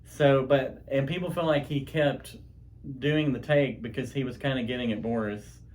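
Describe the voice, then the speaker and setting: A man's voice: mid-range voice, fairly even intonation, moderate pace, darkish tone. Mężczyzna chatty male podcast co-host. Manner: rambling, chatty storytelling with many restarts. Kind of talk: casual chat. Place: home podcast studio.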